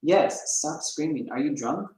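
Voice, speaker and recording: A man's voice: fairly high pitch, animated, a little slow, darkish tone. A man voicing an impatient young woman who answers in curt, clipped phrases, in an audiobook reading recorded in an echoey room.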